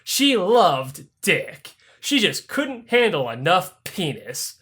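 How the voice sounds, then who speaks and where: Animated young man with a high, lively voice. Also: takes it slowly, breathy edge. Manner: animated, swears constantly, acts out voices mid-story. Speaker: podcast host. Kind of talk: profane comedic history storytelling.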